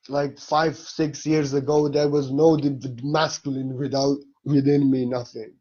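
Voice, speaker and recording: A man speaks as a spiritual teacher in a loose, informal talk, candid and openly emotional, with a blunt edge and the odd curse. His voice sits at an ordinary middle pitch. The recording is muffled and dull. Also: little pitch movement, a little slow, hardly any pauses, warm tone, husky.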